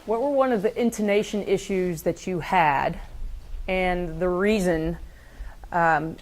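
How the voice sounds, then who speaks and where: A woman teaching a school band class, giving brisk directions with frequent fillers. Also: fairly low pitch. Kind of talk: classroom instruction.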